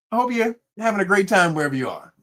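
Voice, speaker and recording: A middle-aged man hosting, telling a family story to viewers casually, swearing and laughing a lot. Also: high-pitched. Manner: animated, swearing, laughing often. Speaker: host.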